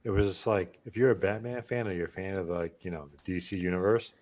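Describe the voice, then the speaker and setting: A man with a fairly low voice talks excitedly among friends on a podcast. He swears freely and circles back over his own words as he builds up a point. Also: fast. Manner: enthusiastic, profane, repeats himself. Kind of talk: casual chat among friends.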